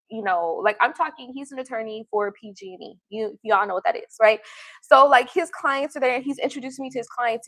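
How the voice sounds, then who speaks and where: A woman's voice: on the high side, fairly bright tone, no echo. A woman hosting a livestream, telling stories in a blunt, profane, casual way and often laughing. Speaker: tarot reader and livestream host.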